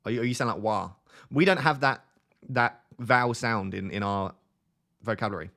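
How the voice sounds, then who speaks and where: A man's voice: on the low side, normal speed, fairly bright tone. A young man with a light Essex accent, answering viewer chat in a chatty, self-mocking way on a live stream. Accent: light Essex English. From Essex, England.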